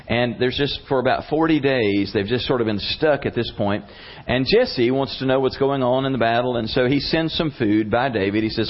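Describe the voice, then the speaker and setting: A man's voice: on the low side, brisk. A man preaching a sermon, retelling a Bible story in a casual, conversational way with slang. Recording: slightly muffled lo-fi recording.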